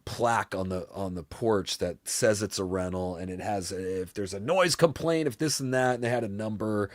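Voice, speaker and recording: A man hosting a live stream, telling a long story to his chat in a rambling, animated way, swearing freely and acting out other people's voices. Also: fairly low pitch, normal speed, no room sound. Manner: rambling, animated, swears a lot, often says "you know what I mean".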